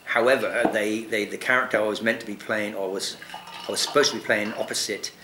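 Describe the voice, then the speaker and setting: A man telling a long anecdote in casual chat, animated, swearing often and laughing. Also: on the low side, fairly quick, roomy sound, noisy background. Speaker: guest actor. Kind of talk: casual storytelling.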